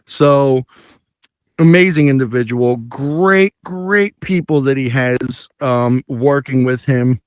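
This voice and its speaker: A man's voice: medium pitch, slow, clean tone, dry recording, studio quality. A man hosting a live comedy talk show, telling a story casually and acting out the sounds a band makes. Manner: animated, imitates band sounds and acts out quotes. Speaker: show host.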